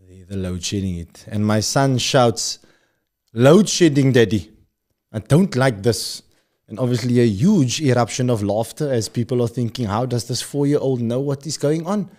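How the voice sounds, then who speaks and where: Cape Town South African man, thirties, podcast host; mellow tone, chatty and rambling. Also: medium pitch, moderate pace. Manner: rambling, upbeat, addresses the audience directly. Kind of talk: casual chat.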